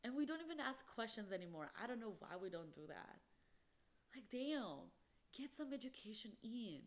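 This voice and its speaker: Her voice sits a little high with big swings in pitch, moving at a moderate pace. She's a young solo podcast host, impassioned and emphatic, her speech full of "like" and "literally."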